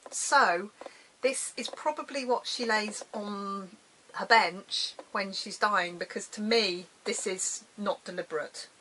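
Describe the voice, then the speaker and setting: A middle-aged UK woman who vlogs about crafting chats casually while showing her work, being self-deprecating and often trailing off and starting again. Her mid-range voice is slow with a sharp tone. The recording is rough, with slight background noise.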